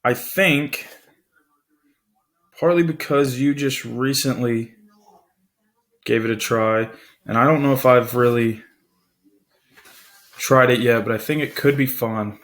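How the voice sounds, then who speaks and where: A man's voice: medium pitch, slow, long pauses, fairly bright tone. A man hosting a casual tabletop game draft, thinking aloud and hesitating over his picks. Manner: thinks aloud, hesitant, counts under breath. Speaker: tabletop game channel host. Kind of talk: casual chat.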